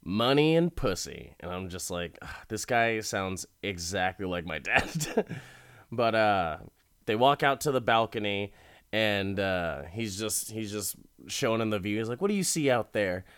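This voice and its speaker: Podcast host, male, low smooth voice, profane, chatty storyteller who acts out quotes. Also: a little slow, a bit bright, no room sound, studio quality. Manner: profane, laughing, acts out characters' lines. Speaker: podcast host recapping a TV episode. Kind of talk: casual storytelling recap.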